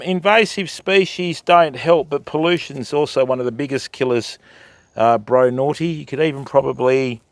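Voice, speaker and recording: This is a mid-range male voice with no echo. It belongs to an older Australian man giving casual live-stream commentary while fishing, standing in a river at night and addressing his viewers as mate and bud.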